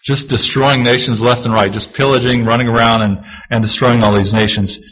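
A male pastor preaching a sermon, reading scripture slowly and then explaining it in a conversational way. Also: medium pitch, fairly even intonation, fairly bright tone, dull audio, slight background noise.

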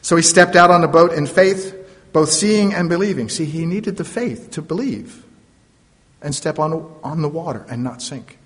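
A man's voice: fairly high pitch, animated, normal speed. A man preaching a sermon, retelling a story dramatically with playful asides. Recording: long reverb of a large hall.

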